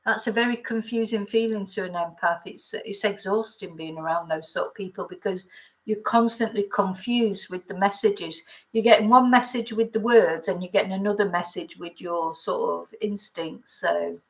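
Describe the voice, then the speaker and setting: A middle-aged woman hosts a relaxed live chat. She rambles from thought to thought, greets commenters by name and laughs easily as she talks. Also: medium pitch, normal speed, poor audio. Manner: chatty and rambling, reads viewer comments, laughs often. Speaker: YouTube chat host. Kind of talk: casual live-chat talk.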